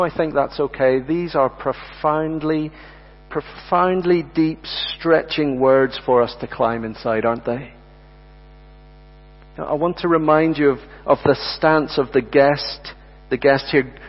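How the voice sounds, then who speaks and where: A man preaching a sermon, earnest and emphatic, addressing the congregation as friends and slowing down to repeat key words. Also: on the high side. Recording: dull sound with long hall reverb and mains hum.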